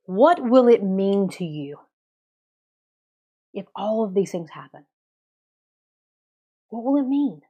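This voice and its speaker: An energetic woman hosts a motivational podcast episode. She talks straight to her listeners and coaches them with one direct question after another. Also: medium pitch, slow, pauses often, slightly rough, lo-fi sound. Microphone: podcast mic, also filmed.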